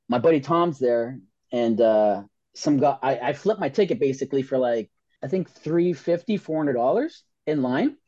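A man, telling a story on a podcast in an excitable, profane way and acting out the voices of the people in it. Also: medium pitch, no echo. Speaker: podcast guest. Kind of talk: casual storytelling chat. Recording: dull, dry podcast audio.

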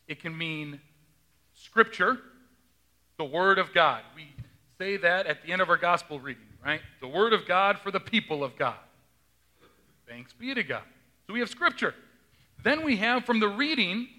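A man's voice: high voice, bright, forceful tone. A man serving as pastor who reads the gospel and then preaches a chatty sermon, quizzing his congregation in a church. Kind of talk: gospel reading and conversational sermon. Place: church sanctuary.

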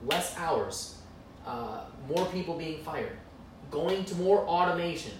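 Animated man in an echoey room. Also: on the high side, slow pace. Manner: animated, jokey, breaks into loud put-on voices. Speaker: podcast co-host. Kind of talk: casual chat. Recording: echoey room, far from mic, faint noise.

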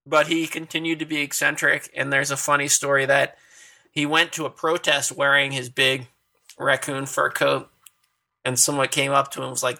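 A man's voice: medium pitch, level tone, moderate pace, gravelly, pushed and bright. A man telling stories in casual conversation, chatty and laughing often. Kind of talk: casual conversation about poetry.

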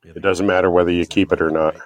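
A man chatting casually as a podcast guest, describing a fishing spot in a relaxed, matter-of-fact way. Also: low-pitched, fast talker. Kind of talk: casual chat.

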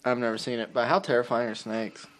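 A young man talks in loose podcast chat, wandering through his points with lots of "um" and trailing off, and swearing along the way. His voice sits at an average pitch for a man. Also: steady tone, fast talker, fairly bright tone. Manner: rambling and profane, trails off with fillers. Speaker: podcast co-host. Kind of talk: casual chat.

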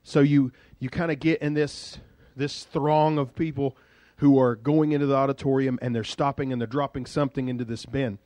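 A male pastor preaching a sermon in a lively, conversational storytelling way. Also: medium pitch, normal speed, no room sound.

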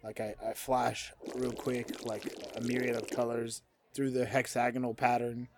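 A man's voice: mid-range voice, little pitch movement, normal speed, noisy background. Casual male tabletop player. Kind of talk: tabletop game play.

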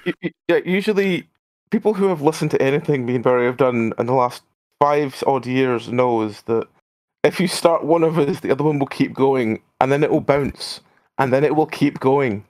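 A man's voice: mid-range voice, moderate pace, a little mellow, no room sound. A man playing a tabletop game, making wry remarks in casual chat. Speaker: player.

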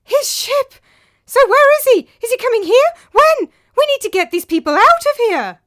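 A woman voicing a flustered young male master who panics and shouts. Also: very high voice, very animated, moderate pace, voice pushed up, heavily acted. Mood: panicked. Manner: frantic shouting.

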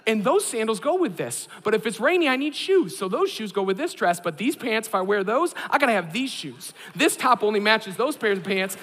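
A man's voice: sits high, very animated, fairly quick, hardly any pauses, a bit bright, long reverb tail, exaggerated voice. A man voicing his exasperated wife as she insists on packing more. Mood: insistent.

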